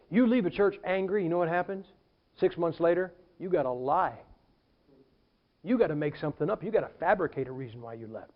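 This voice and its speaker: High-voiced animated preacher, lo-fi. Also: male voice, a little fast. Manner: animated storytelling preacher, acts out quotes. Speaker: pastor. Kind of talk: sermon.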